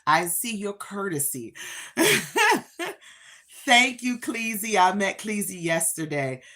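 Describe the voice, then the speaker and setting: A woman hosting a live stream, telling a casual story straight to her viewers with emphatic, drawn-out phrases. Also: medium pitch, lively intonation, bright, forceful tone.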